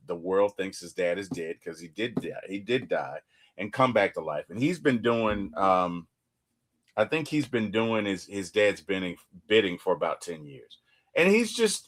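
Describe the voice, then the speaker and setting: A man's voice: lowish voice, fairly bright tone. A man co-hosting a TV reaction show, talking in a casual, emphatic way and often repeating words as he restarts.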